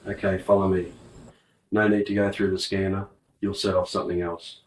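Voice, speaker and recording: Impatient security guard in an audiobook, aussie guy doing it, deep voice, echoey. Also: level tone, moderate pace, a little hiss or hum, close to an everyday voice. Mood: curt. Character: brisk male security guard. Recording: roomy, distant mic.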